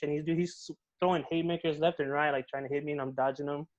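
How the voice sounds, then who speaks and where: Animated young man telling a story. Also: a little high, fast, highs cut off. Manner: animated, swears often, says "bro" and "dude". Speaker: podcast guest. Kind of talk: casual storytelling.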